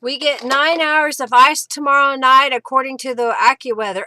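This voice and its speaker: Middle-aged lady chatting away on her craft stream, bright clear voice, talks back to viewer comments. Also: high voice, steady tone, moderate pace, hardly any pauses. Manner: chatty, answers viewer comments while working. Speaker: craft live-stream host. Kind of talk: casual chat while crafting.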